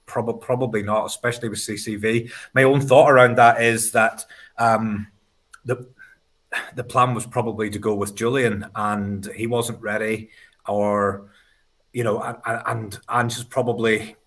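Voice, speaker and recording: A man's voice: lowish voice, level tone, unhurried, fairly bright tone. A man talking football on a podcast, thoughtful and hesitant, often restarting his sentences. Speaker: podcast guest. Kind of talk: casual football podcast chat.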